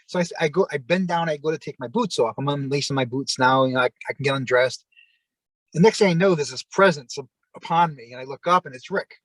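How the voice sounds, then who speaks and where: A former wrestler as an interview guest, telling long rambling anecdotes with lots of fillers and acted-out quotes. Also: male voice, fairly high pitch, fast, fairly bright tone, no echo, poor audio. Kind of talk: casual storytelling.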